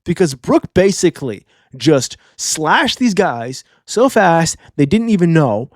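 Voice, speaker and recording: A man reviewing a manga chapter in loose, excitable slang, forever tossing in a quick "all right?". His voice sits a bit high, and the recording is dry and close with no room sound. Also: no echo. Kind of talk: casual reaction commentary.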